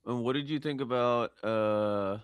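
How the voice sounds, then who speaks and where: A man's voice: medium pitch, measured pace, clear, resonant tone, no room sound, muffled recording. Questioning man on a call. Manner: probing, restarts his questions. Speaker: composer asking for feedback. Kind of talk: casual chat.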